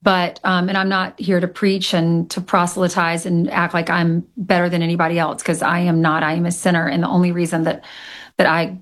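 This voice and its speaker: A woman's voice: lowish voice, completely flat delivery, a little fast. A woman being interviewed about her children's book, speaking in an earnest, candid and talkative way. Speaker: guest author of a children's book. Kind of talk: conversational interview.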